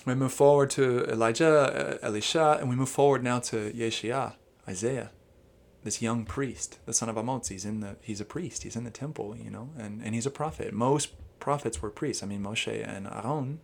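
Man, gravelly low-key timbre, Bible teacher on a casual podcast, wanders and circles back. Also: normal speed. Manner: rambling, animated explainer who quotes Hebrew.

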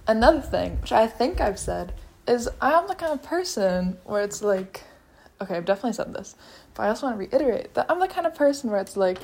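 A young woman talks straight to her camera in a loose, sassy vlog rant. She is animated and full of fillers and restarts, her voice sitting at a middle pitch. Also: rapid-fire. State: sweaty after activity. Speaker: vlogger. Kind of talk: casual talking-to-camera rant.

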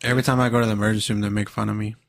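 A man's voice: on the low side, level tone, very fast, gravelly. A young man chatting casually with friends, telling a story in laid-back slang and heavy swearing. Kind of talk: casual chat.

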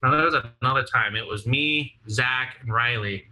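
A man's voice: medium pitch, moderate pace, sharp tone, low-quality recording. A young man casually telling rowdy stories, swearing freely and acting out what people said. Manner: profane, laughing storyteller acting out quotes. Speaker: podcast guest. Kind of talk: casual storytelling.

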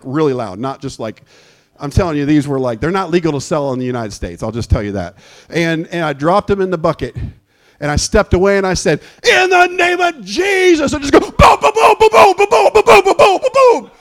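Animated high-voiced male preacher. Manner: animated, storytelling, breaks into shouted excitement. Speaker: pastor. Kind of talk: sermon.

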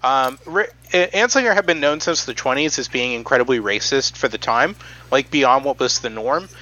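A man hosting a casual podcast, talking in halting starts with many ums while explaining history. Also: medium pitch, sharp tone, dull audio. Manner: halting, many ums, reading quotes aloud. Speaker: podcast host.

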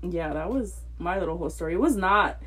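A woman's voice: lowish voice, animated, a little fast, a bit bright, husky. A young woman co-hosting a podcast, telling a story in casual chat, swearing freely and laughing often. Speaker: podcast co-host.

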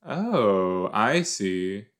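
A podcast host with a fairly low voice speaks extremely slowly, his pitch swinging widely. He chats casually and thinks aloud in a rambling, joking way, giving rewatch commentary into a corded desk microphone.

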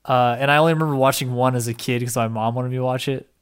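A young man co-hosting a podcast in casual chat, excitable and rambling, with casual swearing. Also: mid-range voice, quick pace, clean tone. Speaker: podcast co-host.

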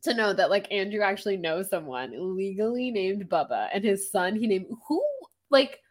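A woman's voice: medium pitch, lively intonation, moderate pace. A young woman co-hosting a laid-back book podcast, with a voice sitting in an ordinary middle register. She rambles happily through her thoughts, peppering every phrase with "like" and breaking into giggles. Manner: chatty, giggly, lots of "like". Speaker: podcast co-host. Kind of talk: casual book-club chat.

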